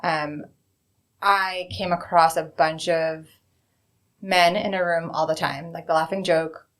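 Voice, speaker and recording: A woman's voice: on the low side, steady tone, takes it slowly, a bit bright. A woman in her thirties, a bank executive, frankly telling stories from her career as an interview guest. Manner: frank, conversational storytelling. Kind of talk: candid interview answers.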